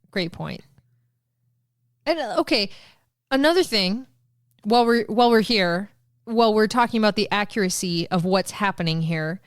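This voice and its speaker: A woman's voice: medium pitch, no room sound, studio quality. A woman co-hosting a podcast in casual chat, ranting in an exasperated, profane way. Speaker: podcast co-host.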